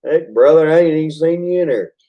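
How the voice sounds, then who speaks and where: A man's voice: on the high side, fast talker, mellow, low-quality recording. A man, chatting casually and joking as co-host of a livestream. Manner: folksy, joking, laughs along. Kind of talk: casual live chat.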